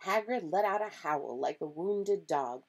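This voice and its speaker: A woman reading a children's storybook aloud as a storyteller, in a steady, expressive way. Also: lowish voice, poor audio.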